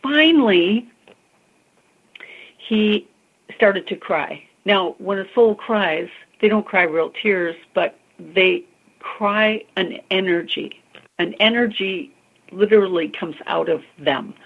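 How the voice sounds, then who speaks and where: A woman telling a ghost story as a psychic medium, expressive and chatty, calling the listener honey. Her voice is gravelly and husky, a little low. It comes through a thin, tinny phone-like line. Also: slow pace. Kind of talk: animated storytelling in an interview.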